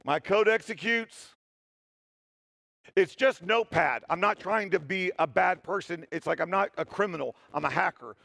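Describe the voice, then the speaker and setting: A man telling an animated, joking story during a conference talk on stage, often poking fun at himself. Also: sits high, moderate pace, creaky, no room sound. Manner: animated, joking, self-deprecating. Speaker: security tester giving a talk. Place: stage in a hall.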